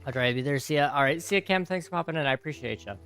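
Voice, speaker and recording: A man's voice: a little high, very fast, a bit bright, soft background music. Easygoing rambling young man streaming. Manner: easygoing, rambling, reads chat aloud and answers it. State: tired, yawning. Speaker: gaming streamer. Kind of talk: casual livestream chat while gaming.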